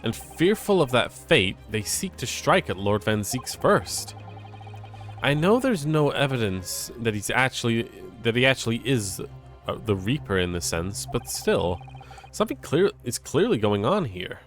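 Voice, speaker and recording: A man voicing an earnest young male defense lawyer in a game, with high, startled exclamations. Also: sing-song, unhurried, a bit bright, faint music behind.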